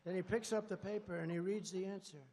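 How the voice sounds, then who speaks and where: A man's voice: sits high, fairly even intonation, fast, mellow, slight background noise. A man giving a rambling, sarcastic keynote speech from a conference stage, drifting from one aside to the next. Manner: sarcastic, digressive. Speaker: keynote speaker.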